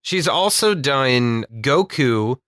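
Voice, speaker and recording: Male podcast co-host, rambling and jokey, bright tone, dry close recording. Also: mid-range voice, lively intonation, takes it slowly, no room sound. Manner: jokey, rambling, laughs often. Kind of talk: casual chat.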